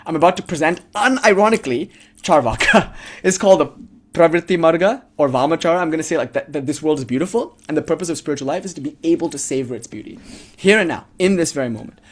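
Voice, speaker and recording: A man's voice: on the high side, animated, quick pace. A man giving a casual spiritual lecture full of storytelling, rambling and filling his sentences with "like.". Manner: rambling, heavy use of "like", laughs.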